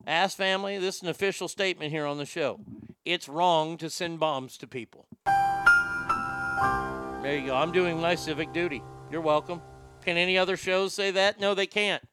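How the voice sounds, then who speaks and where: A man's voice: sits high, quick pace, sharp tone, faint music behind. A man hosting a talk show, ranting sarcastically with plenty of profanity. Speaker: podcast host. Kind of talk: opinionated talk show rant.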